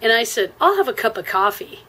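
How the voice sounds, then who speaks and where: A woman with an American accent telling a travel story in a casual, rambling way, with lots of fillers and frequent throat clearing. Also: a little high, big pitch swings, a little fast, a bit bright, rough recording.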